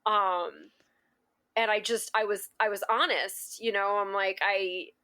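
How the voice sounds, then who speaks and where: A woman's voice: mid-range voice, steady tone, unhurried, pushed and bright. A woman guest on a podcast, recounting a personal story in a rambling, emotional way, restarting sentences and laughing often. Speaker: guest cake artist. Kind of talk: casual interview storytelling.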